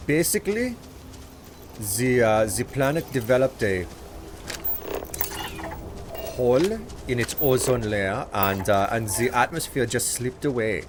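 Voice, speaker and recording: A man's voice: medium pitch, animated, normal speed, a little hiss or hum. A man streaming a video game live, joking around and talking casually to his chat. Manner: joking, chatty, talks to chat.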